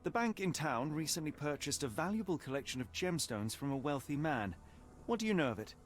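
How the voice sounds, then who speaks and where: An actor voicing a polite, measured Victorian detective in a video game. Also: male voice, fairly high pitch, sing-song, soft background music. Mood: courteous. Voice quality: courteous and measured.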